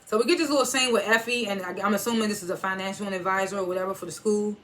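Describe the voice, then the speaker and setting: A woman's voice: medium pitch, steady tone, very fast, a bit bright, slight background noise. A woman reviewing a TV episode in a casual recap, loosely retelling scenes and swearing now and then.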